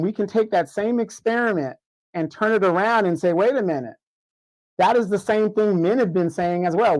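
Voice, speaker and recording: Higher-voiced man arguing his point, dry sound. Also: dry recording, poor audio. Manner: hedging, repeats words, builds an argument. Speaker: co-host. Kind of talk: casual opinion commentary.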